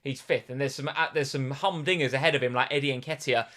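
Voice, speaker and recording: A man co-hosting a live stream about fantasy football, animated and given to repeating his exclamations. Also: mid-range voice, fast talker. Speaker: podcast co-host.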